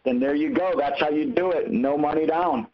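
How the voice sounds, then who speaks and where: A man's voice: on the high side, moderate pace, crowd noise. A man hosting a call-in Q&A who coaches callers and acts out the conversations he quotes. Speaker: host answering callers' questions. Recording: muffled lo-fi call audio.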